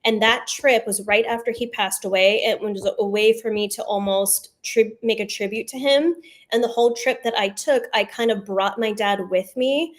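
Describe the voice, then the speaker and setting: A woman's voice: mid-range voice, moderate pace. A woman who founded a fragrance brand, hosting a live launch stream and chatting openly with viewers. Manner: chatty, emotional, addresses viewers as "you guys". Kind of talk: casual live-stream chat.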